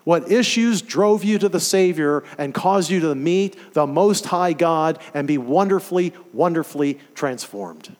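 A man preaching a sermon, animated and emphatic, firing off rhetorical questions to his listeners. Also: a little high, unhurried, hardly any pauses, in a large hall.

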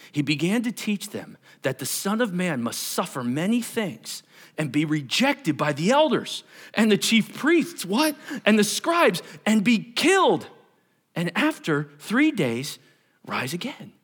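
A man preaching a sermon to his congregation, animated and conversational, acting out Bible characters in everyday voices. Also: sits high, measured pace, slightly rough. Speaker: pastor.

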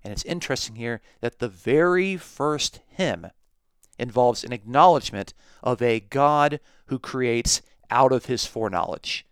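Slow, measured male Bible teacher. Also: mid-range voice, animated, clean tone, dry recording, clean studio sound. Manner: measured, emphatic on key words. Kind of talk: recorded Bible lesson.

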